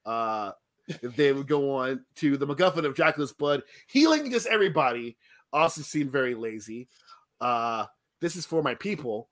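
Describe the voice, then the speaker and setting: Bright-voiced animated man. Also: medium pitch, moderate pace. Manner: animated, joking, complains with laughs. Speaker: podcast co-host. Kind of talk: casual chat, film review.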